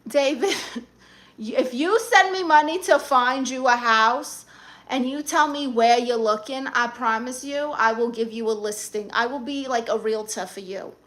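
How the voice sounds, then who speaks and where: Using an exaggerated, extremely high voice and speaking a little slowly, a man plays a sassy, flirty middle-aged aunt with a Spanish accent. He hosts a live-stream comedy chat, brassy, teasing and dramatic, and warmly greets fans.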